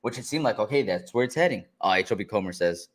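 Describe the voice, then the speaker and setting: A man co-hosting a casual fight reaction show, relaxed and often laughing as he walks through the action. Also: lowish voice. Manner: relaxed, laughing, drawn-out play-by-play. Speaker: co-host.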